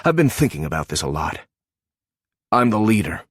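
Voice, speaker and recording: Male narrator as a hurt agent and team leader, low-voiced, accusing, dry close audiobook sound. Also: big pitch swings, normal speed, husky, no room sound. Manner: bitter, accusing, restrained.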